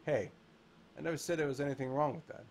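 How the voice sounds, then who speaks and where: A man voicing a bold young male protagonist, read flatly from a fan-fiction text. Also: a little high, quick pace, slight background noise, natural voice. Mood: earnest.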